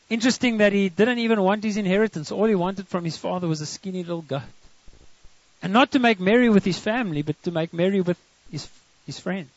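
Gravelly, high-voiced male preacher. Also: brisk, dry recording. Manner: retells the story in dramatic quoted voices. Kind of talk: sermon. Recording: dry, dull lo-fi sound.

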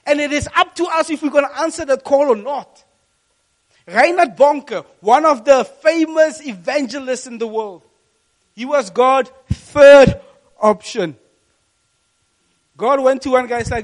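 A man with a strikingly high voice delivers a sermon to a congregation in the room. He tells the story in an animated, storytelling way, repeating his main phrases for emphasis like a lively youth preacher. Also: normal speed, long pauses. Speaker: youth pastor.

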